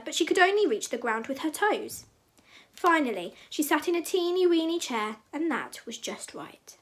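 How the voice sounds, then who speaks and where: A woman teacher reading a fairy tale aloud for children in an expressive, sing-song way. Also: sits high.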